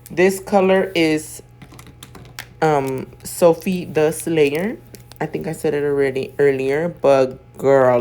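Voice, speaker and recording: A sleepy woman, just woken up, talks in a low, gravelly, darkish voice with a little hiss or hum; her throat feels off and she clears it. A nail artist and video host, she does a casual voiceover chat at home while doing her makeup, telling stories in chatty, profane slang.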